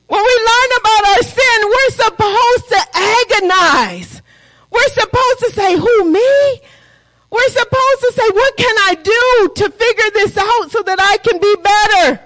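A woman's voice: extremely high pitch, a bit bright, poor audio. A woman preaching a sermon, asking the congregation rhetorical questions and calling for responses.

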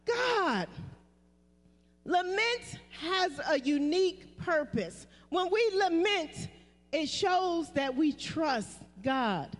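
A woman pastor preaching a sermon, calling on the congregation to repeat her words. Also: extremely high pitch. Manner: preaching with call-and-response prompts to the congregation. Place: church sanctuary. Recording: live church recording with long reverb.

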